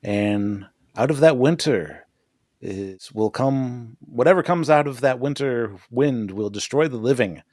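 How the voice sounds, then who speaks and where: In a clean-sounding podcast studio with no room sound, a male co-host recaps a TV episode, joking, swearing casually, and laughing often. His voice is medium-pitched with a darkish tone, and his pace is measured.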